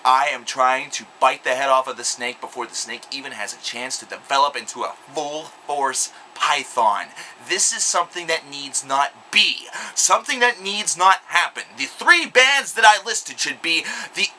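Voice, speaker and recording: A man's voice: mid-range voice, lively intonation, moderate pace, hardly any pauses, sharp tone, slight background noise, poor audio. A young man delivering an angry, sarcastic, profanity-laced vlog rant. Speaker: video blogger. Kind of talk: ranting vlog monologue.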